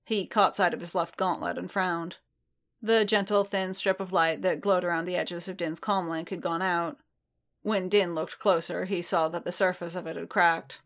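A woman narrating a story aloud in a steady, even storytelling manner. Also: fairly low pitch, moderate pace. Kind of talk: audiobook reading of fan fiction.

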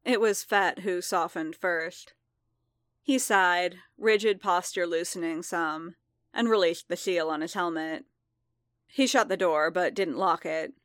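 A woman reads a story aloud in a calm, measured voice. Her pace is slow and her pitch sits low. The sound is dry and close to the mic. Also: dry recording. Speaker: narrator. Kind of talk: audiobook fan fiction reading.

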